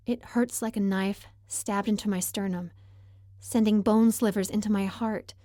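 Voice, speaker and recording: A woman's voice: medium pitch, steady tone, moderate pace, dark tone, dry recording. A woman reads a first-person romance audiobook with emotional expression. Her voice sits in a middle register. The recording is close and dry. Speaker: audiobook narrator.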